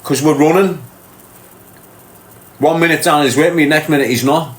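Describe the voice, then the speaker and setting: A man's voice: a little high, steady tone, moderate pace. A man with a Liverpool accent hosting a livestream, answering viewer comments in a blunt, streetwise way and calling people mate and lad. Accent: Liverpool (Scouse). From Liverpool, England. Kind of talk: casual livestream chat. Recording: roomy echo with faint background noise.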